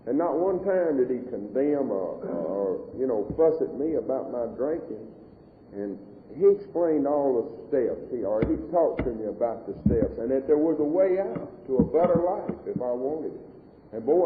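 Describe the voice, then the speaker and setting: A man's voice: medium pitch, slight background noise. A middle-aged man telling his recovery story at a meeting, plain-spoken and folksy. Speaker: AA meeting speaker. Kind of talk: personal recovery testimony. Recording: echoey hall on a tinny old tape.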